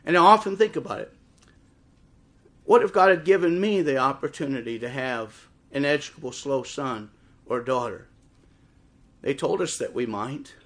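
A middle-aged man preaching a sermon in church, impassioned and swelling toward shouts. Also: medium pitch, normal speed, pauses often. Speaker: pastor. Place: church service before a congregation.

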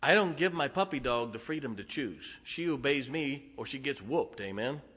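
A man's voice: medium pitch, expressive, normal speed, a bit bright, husky. A man preaching a sermon in a folksy, storytelling way, with emphatic rhetorical questions. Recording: long hall reverb.

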